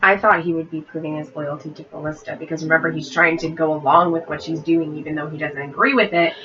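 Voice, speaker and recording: A woman chatting casually while reviewing a TV episode, with frequent throat clearing and filler words. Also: sits low, fairly even intonation, fast, a bit bright. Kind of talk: casual chat. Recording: dull lo-fi home recording with faint noise.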